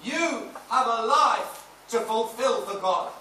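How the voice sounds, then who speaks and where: A man in his sixties, a pastor preaching a sermon in a large church, mixing personal stories with emphatic, shouted praise. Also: extremely high pitch, lively intonation, takes it slowly, slight background noise. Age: 60s. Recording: echoey hall, mic off at a distance.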